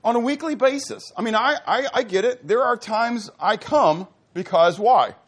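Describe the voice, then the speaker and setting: A man's voice: high-pitched, normal speed. A male pastor preaching a sermon, asking rhetorical questions and restarting phrases with stammers.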